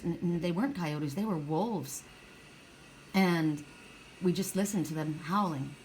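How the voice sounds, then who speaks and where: A woman's voice: lowish voice, animated, a little slow, long pauses, darkish tone, a little hiss or hum. A middle-aged woman giving a casual spiritual card reading, telling rambling stories with many restarts. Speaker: oracle card reader.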